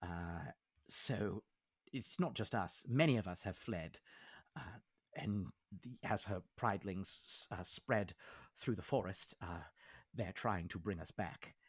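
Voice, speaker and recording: A man's voice: sits low, slow pace, husky, dry recording, studio quality, heavily acted. A man voicing a polite, worried man on the run, speaking hesitantly and apologetically.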